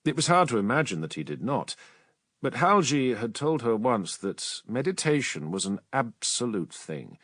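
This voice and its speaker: Male audiobook narrator, dramatic, very animated pitch, dry close sound. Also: normal speed, no echo. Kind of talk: scripted narration.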